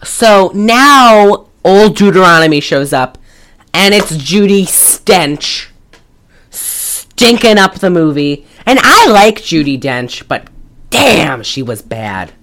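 On her podcast, a woman chats casually about a movie in an animated, jokey style, swearing now and then and breaking into laughs. Her voice is lowish and she takes it slowly, though the audio quality is poor.

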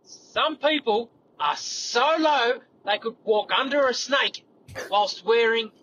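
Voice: medium pitch, slow pace, a bit bright. A caller sending in one-liner jokes by voice message. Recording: dull lo-fi phone recording, faint noise.

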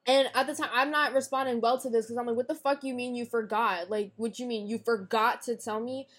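Bluntly and with profanity, this young woman recounts a falling-out with her friends while chatting casually as a guest on a podcast. Her voice sits on the high side, a bit bright, with fairly even intonation and a brisk pace.

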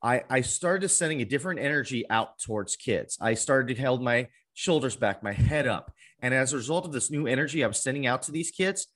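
A man's voice: mid-range voice, animated, fairly quick, hardly any pauses, fairly bright tone. Earnest man telling his life story. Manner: earnest, acts out past conversations in quotes. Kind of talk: personal storytelling in an interview.

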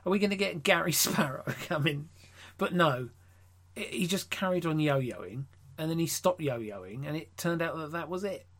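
A man's voice: on the high side, lively intonation, normal speed, fairly bright tone. A man co-hosting a casual comedy podcast, sardonic and sweary, laughing often as he reviews a show. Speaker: podcast co-host.

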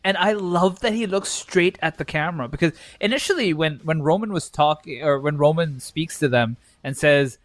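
A man co-hosting a casual wrestling chat, excitable and animated, acting out his own reactions and swearing freely. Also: on the high side, moderate pace, few pauses, dry recording. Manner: excitable, acts out reactions with shouted quotes. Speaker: podcast co-host.

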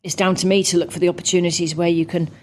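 Give me a British woman being interviewed, chatty and low-voiced, with a faint hum in the background. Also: racing. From United Kingdom. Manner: chatty, animated when telling anecdotes. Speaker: interview guest, parliamentarian and ex-athlete. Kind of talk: conversational interview.

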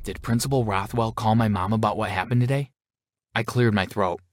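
A man reading a first-person story aloud in a steady, even narration. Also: on the low side, fairly quick, a little hiss or hum.

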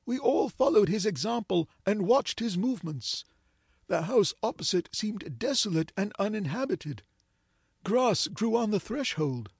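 A man narrating an old ghost story in a measured, dramatic reading. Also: high-pitched, expressive, gravelly, a little mellow, breathy edge, dry recording, clean studio sound.

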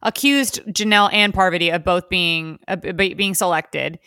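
A young adult woman co-hosting a podcast, chatting casually with lots of fillers and quick impressions of people. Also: fairly low pitch, bright, forceful tone, no echo, studio quality. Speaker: podcast co-host. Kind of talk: casual chat.

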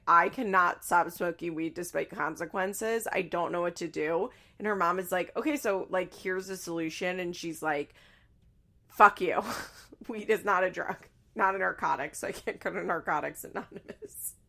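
Brief: young woman, casual recap host, vocal fry, lively and quick with impressions. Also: lowish voice. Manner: chatty and animated, acting out quotes in shrieky voices. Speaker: podcast host recapping a reality show.

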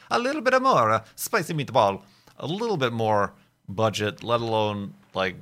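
A man's voice: fairly low pitch, a bit bright. A man casually chatting with viewers as a streamer, answering their questions in a rambling, playful way. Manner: rambling, playful, full of restarts and asides. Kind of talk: casual chat.

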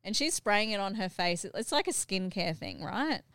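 Middle-aged mum host, animated storyteller, smooth voice, mid pitch. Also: female voice, moderate pace, dry recording, studio quality. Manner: animated, acts out what others said, laughs while telling. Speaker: podcast host and mother. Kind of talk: casual family podcast storytelling.

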